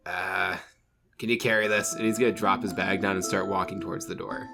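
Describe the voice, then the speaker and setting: Male player, lowish voice, halting casual narration over soft music. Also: little pitch movement, gravelly. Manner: hesitant, rambling action description. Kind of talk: casual tabletop play.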